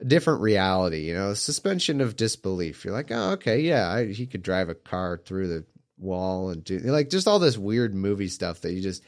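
Reading aloud from ancient scripture, a lowish, faintly hoarse male voice keeps interrupting himself with scornful remarks of disbelief.

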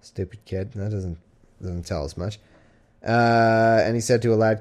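A man's voice: lowish voice, measured pace, darkish tone. Irreverent man riffing on scripture. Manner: irreverent, sarcastic asides; reads archaic verse then riffs casually. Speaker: podcast host. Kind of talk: comedic Bible reading with commentary.

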